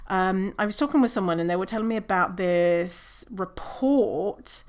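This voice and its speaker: A woman's voice: medium pitch, moderate pace, a little mellow. A woman hosting her own podcast, talking casually on her own, swearing and laughing at herself. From British Columbia, Canada. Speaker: podcast host. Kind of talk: casual solo podcast talk.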